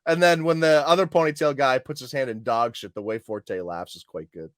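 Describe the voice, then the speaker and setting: A man co-hosting a casual podcast chat, laughing often and quoting lines in animated bursts. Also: mid-range voice, brisk, no room sound, studio quality. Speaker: podcast co-host.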